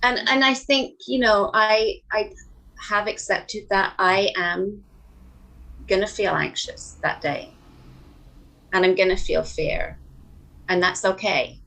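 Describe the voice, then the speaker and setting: A woman's voice: medium pitch, takes it slowly, gravelly, pauses often, sharp tone, poor audio. A woman talking as a podcast guest in casual chat, hesitant and earnest, restarting her sentences often.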